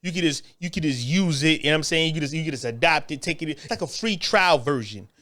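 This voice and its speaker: Casual male commentator, a bit high-pitched, blunt and profane, hammers his points by repeating them. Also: animated, fast talker, fairly bright tone. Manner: blunt, profane, repetitive, emphatic. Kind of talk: casual opinion rant.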